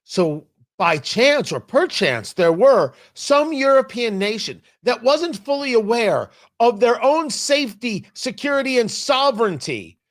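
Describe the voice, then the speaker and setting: A man hosting a political talk show, giving opinionated commentary and acting out quotes with sudden loud outbursts. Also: extremely high pitch, measured pace, few pauses. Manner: animated, acts out quotes with sudden loud shouts.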